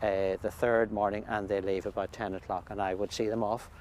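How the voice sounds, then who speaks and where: A man, a priest, describing a pilgrimage in a thoughtful, halting way with many restarts, recorded outdoors by a lake. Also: on the low side, level tone, a little mellow. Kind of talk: conversational interview. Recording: faint outdoor background noise.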